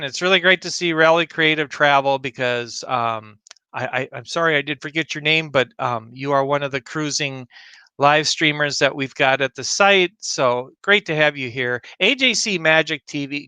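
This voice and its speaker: Bright, upbeat man hosting a livestream. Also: medium pitch, gravelly, clear, resonant tone, no room sound. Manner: rambling, greets chat viewers by name. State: choked up, clearing throat. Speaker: livestream host. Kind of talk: casual livestream talk.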